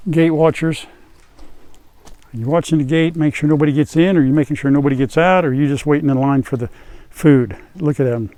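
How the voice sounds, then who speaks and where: Older man with a warm, mellow voice. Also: a little high, a little fast. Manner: folksy, coaxing and affectionate toward animals. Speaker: farm vlogger. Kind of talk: casual vlog narration while doing chores. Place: outdoor farm, hen house and animal pens.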